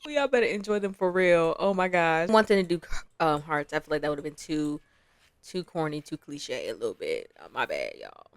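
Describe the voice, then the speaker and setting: A woman's voice: on the low side, wildly swooping pitch, normal speed, fairly bright tone, dry recording. A young woman giving casual commentary over a life-simulation game, chatty and laughing often as she voices the characters' lines. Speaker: gameplay commentator.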